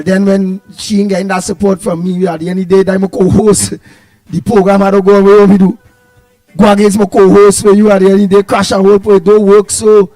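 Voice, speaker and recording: A Trinidadian man co-hosting a live show, calling out greetings to viewers in an animated, half-singing way. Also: sits high, dry recording. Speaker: co-host. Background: music playing.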